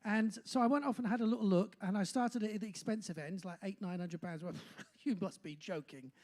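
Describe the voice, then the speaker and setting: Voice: mid-range voice, fairly quick, darkish tone. An older compere in their sixties from Bristol, with a faint Bristol accent. They chat on stage at a pub, rambling and self-mocking, with lots of "uh"s. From Bristol, England. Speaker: compere of a live music night. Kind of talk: live stage banter. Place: pub function room, on stage.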